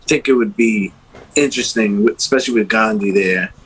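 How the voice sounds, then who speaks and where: A man's voice: lowish voice, fairly quick, fairly bright tone, slight background noise, low-quality recording. Laid-back teasing podcast co-host man. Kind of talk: casual comedic banter.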